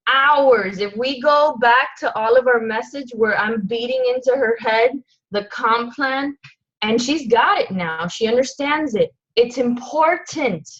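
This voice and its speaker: A woman's voice: mid-range voice, muffled recording. A woman leading a motivational team call, earnest and emphatic, firing off rhetorical questions. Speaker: team leader on a coaching call. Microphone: phone or conference line.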